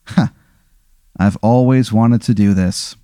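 A man voicing a smooth, slow-speaking corporate spokesman who appears from nowhere. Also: fairly low pitch, warm tone, no room sound, studio quality. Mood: eerie calm.

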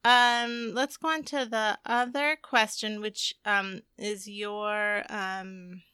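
A woman co-hosting a podcast in casual chat, speaking gently and reflectively, often trailing off mid-thought. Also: mid-range voice, fairly even intonation, slow, clean tone, dry recording, studio quality. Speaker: podcast co-host.

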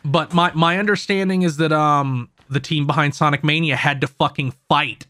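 A man's voice: on the high side, steady tone, moderate pace, bright, forceful tone, dry recording. A man talking casually about video games on a podcast, rambling, cursing and correcting himself as he goes. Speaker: podcast co-host. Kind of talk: casual gaming podcast chat.

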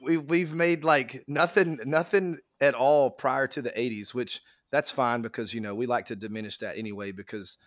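A man's voice: mid-range voice, fairly even intonation, moderate pace, few pauses, a bit bright, no echo, clean studio sound. A man co-hosting a casual sports podcast, joking and rambling in mock-serious banter, his voice crackly. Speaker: podcast co-host.

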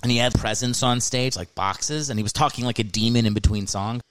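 A man's voice: medium pitch, a little fast, a bit bright, clear, resonant tone, no room sound. A man hosting his own comedy podcast, rambling through jokes with lots of swearing and laughing at his own bits. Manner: rambling, profane, jokey, breaks into mocking voices. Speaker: podcast host.

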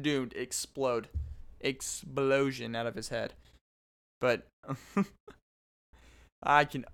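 A man's voice: medium pitch, a bit bright, smooth. A man in his twenties hosting a podcast, telling stories in a rambling, self-interrupting casual monologue. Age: 20s. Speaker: podcast host.

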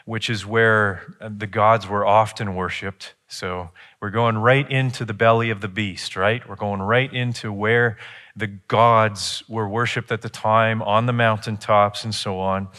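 A man preaching a sermon, retelling a scripture story with lively, animated delivery and acted-out quotes. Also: big-room sound. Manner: animated storytelling, acts out quotes with rising pitch. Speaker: pastor.

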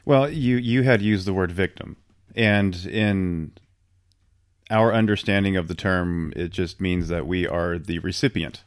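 Man, very low voice, reflective and hesitant, dry close recording. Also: unhurried, no room sound. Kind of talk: casual chat.

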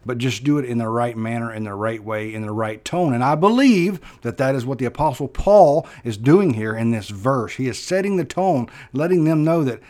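A man preaching a sermon as pastor, talking earnestly, pressing points with sudden loud stresses and then dropping low and soft. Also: lively intonation, moderate pace, hardly any pauses.

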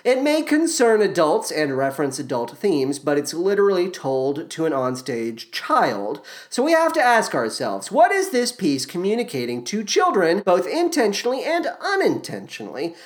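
A woman's voice: on the low side, sing-song, normal speed, few pauses. A woman hosting a podcast and giving commentary on a musical, with a dry, sardonic manner. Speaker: podcast host.

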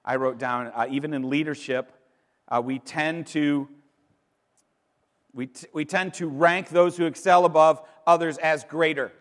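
Emphatic pastor preaching in a reverberant hall. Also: male voice, a little high, fairly even intonation. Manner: emphatic, with dramatic pauses and repeated words. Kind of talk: sermon. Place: church sanctuary. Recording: long reverb in a large hall.

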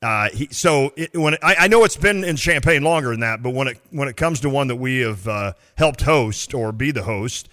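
Animated man on sports radio. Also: mid-range voice, moderate pace, hardly any pauses, long reverb tail. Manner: animated, playful, mimics people in quotes. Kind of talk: casual sports radio chat.

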